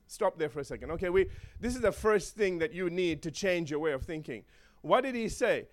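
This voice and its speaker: A man's voice: high voice, animated, normal speed. A man preaching a sermon in a playful way, chuckling often and checking in with his listeners.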